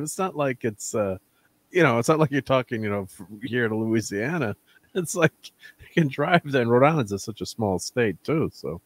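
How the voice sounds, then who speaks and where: A man's voice: mid-range voice, normal speed, dry recording. Laughing man hosting a casual chat. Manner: laughs often, tells anecdotes with quoted voices. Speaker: podcast host.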